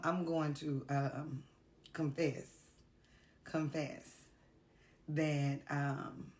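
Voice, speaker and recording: Low, slow-spoken tired woman. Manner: earnest, confessional, with pauses and fillers. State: tired, worn out. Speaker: vlogger. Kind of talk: heartfelt talk to camera. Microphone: camera mic.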